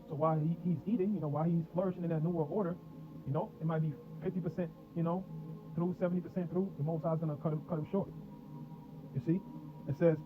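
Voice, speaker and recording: A man preaching on scripture, reading verses and then breaking them down in loose street slang. He talks quickly in a fairly high voice, and the sound is thin and phone-like with faint music underneath. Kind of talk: scripture teaching.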